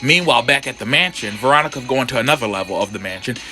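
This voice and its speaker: A man recaps a comic book story in a sassy, campy way, tossing in slangy asides. His voice is bright and forceful, and faint music plays underneath. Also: medium pitch, fast.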